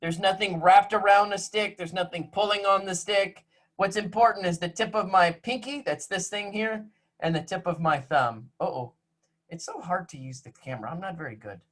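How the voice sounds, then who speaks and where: A man's voice: high-pitched, normal speed, fairly bright tone. A male music teacher leading an online class over a video call, playful and teasing with his young students. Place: home room on a video call.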